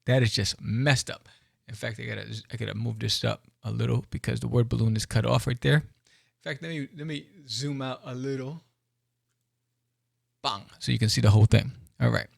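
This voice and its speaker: A man with a gravelly, creaky voice talks through comic pages in a casual, excitable way, tossing out playful asides. His voice sits at an ordinary pitch and sounds close and dry. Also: normal speed, no room sound. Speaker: comic book reviewer and podcast host.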